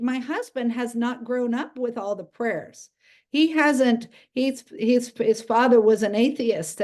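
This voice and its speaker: A woman's voice: high-pitched, darkish tone. Woman telling a story of faith. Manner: storytelling, acts out quoted voices; halting, restarts often. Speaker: speaker sharing a testimony. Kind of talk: spoken testimony.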